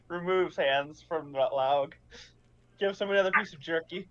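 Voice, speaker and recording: A man's voice: on the high side, takes it slowly, a bit bright, no echo. A man playing a tabletop game, describing his character's actions hesitantly with many fillers. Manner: hesitant, laughing, lots of fillers. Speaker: player. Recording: dull lo-fi mic.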